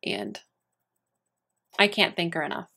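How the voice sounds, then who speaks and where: A woman's voice: fairly low pitch, very animated, a little slow, bright, forceful tone. A young woman beauty vlogger chatting casually to her viewers, gushing and rambling with many fillers and restarts. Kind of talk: casual chat to camera.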